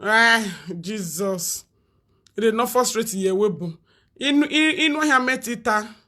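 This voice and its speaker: A woman with a Nigerian Pidgin accent rants and mocks in a high, bright, slow drawl, breaking into sing-song taunts and shouts. Faint music plays behind her. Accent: Nigerian Pidgin English. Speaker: social media commentator. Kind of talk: mocking live-stream rant.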